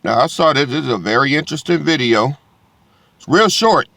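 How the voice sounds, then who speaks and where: A man's voice: on the high side, animated, brisk, creaky, a bit bright, dry recording. A man talking to his online viewers in a rambling, street-preacher way, addressing them directly and swearing freely. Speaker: online religious commentator.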